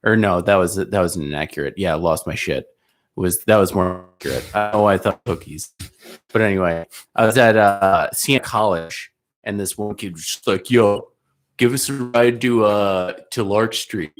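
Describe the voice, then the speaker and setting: A young man co-hosting a casual podcast chat, telling lively stories with acted-out quotes and frequent laughs. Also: deep voice, moderate pace. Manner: animated, acts out quotes, laughs often. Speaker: podcast co-host.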